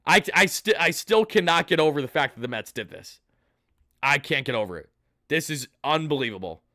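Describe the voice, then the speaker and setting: A man's voice: a little high, expressive, sharp tone, no echo, studio quality. Hyped man hosting a postgame stream. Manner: hyped, rapid thank-yous to donors. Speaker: sports channel host.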